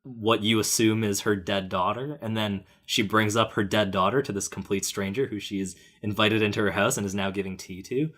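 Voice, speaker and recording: A man co-hosting a casual film podcast, talking animatedly and acting out characters in quick voices. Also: fairly low pitch, fairly even intonation, fairly bright tone. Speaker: podcast co-host.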